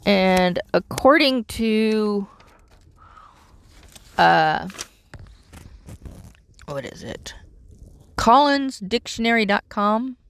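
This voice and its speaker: A woman's voice: medium pitch, animated, drawn-out words, long pauses, clean tone. A middle-aged woman vlogging casually, telling a rambling, exasperated story about her troubles. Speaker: vlogger living in her vehicle. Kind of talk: casual chat.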